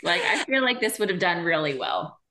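A woman's voice: on the low side, big pitch swings, a little fast, sharp tone, a little hiss or hum. A woman co-hosting a podcast, chiming in with short supportive remarks in casual chat.

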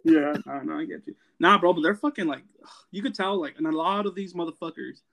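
A man's voice: a little high, brisk, vocal fry, a bit bright. A man from California, a former Marine, ranting bluntly in casual chat with heavy profanity.

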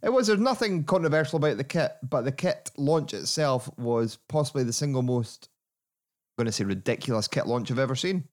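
A man hosting a casual football podcast, chatty and quick to laugh. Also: medium pitch. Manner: chatty, laughing, animated asides. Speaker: podcast host.

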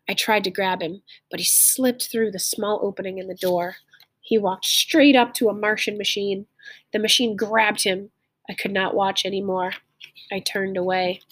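Husky woman reading a story aloud. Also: mid-range voice, a bit bright, no room sound. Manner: pauses to explain words in plain terms.

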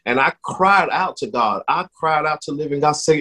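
A man sharing his personal faith testimony in an interview, speaking earnestly with halting restarts that grow more emotional. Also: fairly high pitch, expressive, sharp tone.

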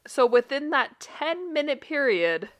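A young woman from Utah, a podcast co-host chatting casually, animated and laughing often as she tells stories. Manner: animated storyteller, laughs often, quick bursts of rising pitch. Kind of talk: casual chat.

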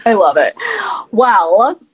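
A woman's voice: mid-range voice, animated, slow, breathy edge, rough recording. A young woman co-hosting a podcast, teasing her co-host in casual chat. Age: young adult. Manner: teasing, wry.

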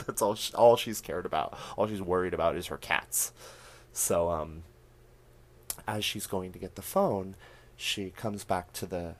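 A young man with a deep voice hosts a podcast, recapping a horror film in casual storytelling. He laughs often and acts out the characters' lines. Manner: animated storytelling, laughing often, acting out quotes. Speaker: podcast host.

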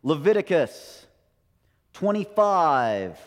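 A man's voice: a little high, big pitch swings, slow. A middle-aged American man preaching a sermon, tossing rhetorical questions and "right?" at his listeners. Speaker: pastor. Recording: long hall reverb.

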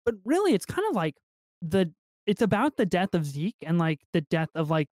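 A man's voice: high voice, very animated, normal speed, darkish tone, no echo, clean studio sound. A man co-hosting a film podcast, chatting casually and animatedly, swearing and laughing often. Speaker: podcast co-host. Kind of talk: casual film review chat.

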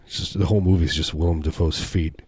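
A man co-hosting a casual comedy podcast, riffing in a deadpan way and often repeating himself. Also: low voice, fast talker, breathy edge, no echo. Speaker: podcast co-host.

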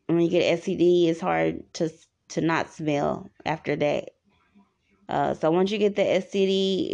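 A woman's voice: low voice, vocal fry, darkish tone, muffled recording. A woman hosting a podcast, giving rambling, repetitive advice in a casual monologue. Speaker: podcast host.

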